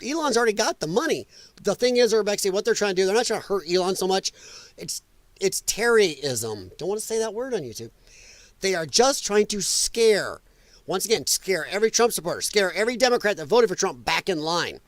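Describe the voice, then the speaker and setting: A man's voice: high voice, a little fast, no echo. Guy ranting on his home stream, swoops up and down a lot, mocks people in silly voices. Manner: animated ranting, mocking voices. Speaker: livestream host. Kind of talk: casual political commentary. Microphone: headset.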